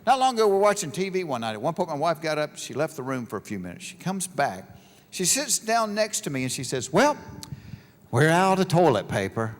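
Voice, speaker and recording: Guy doing standup, high voice jumping all over, big echoey hall. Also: sing-song, fast. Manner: storytelling, acting out both sides of conversations. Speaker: stand-up comedian. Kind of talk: stand-up comedy routine. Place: large live venue with an audience. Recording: live show with hall reverb.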